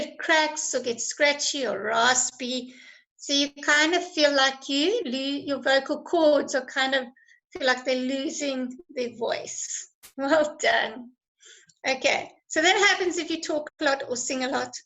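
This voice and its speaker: A woman teacher giving an online lesson, encouraging and praising students, her voice going a little hoarse from talking a lot. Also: sits high, measured pace, fairly bright tone, rough recording. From South Africa. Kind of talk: online lesson with live chat.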